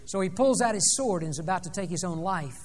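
High-voiced preacher man in a reverberant hall. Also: lively intonation, fast. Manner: dramatic storytelling with sweeping swings in loudness. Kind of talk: sermon. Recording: long reverb of a large hall.

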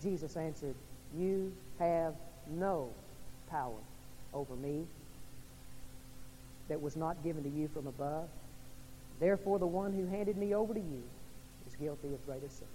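A male pastor delivering a sermon, swinging from loud emphasis down to quiet, hushed lines. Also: a little high, a little fast, a little hiss or hum. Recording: reverberant hall with faint ambience.

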